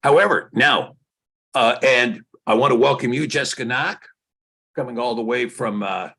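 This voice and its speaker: A man hosting a live online show, giving discursive, opinionated commentary and building his points slowly. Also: mid-range voice, vocal fry, bright, forceful tone, breathy edge. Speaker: host.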